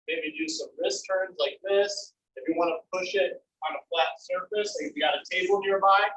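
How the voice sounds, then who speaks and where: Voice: medium pitch, moderate pace, fairly bright tone, a little hiss or hum. A fitness instructor coaching a live online exercise class, encouraging and counting out each rep and hold. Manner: encouraging, counts out reps and cues. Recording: echoey, distant, muffled video-call audio.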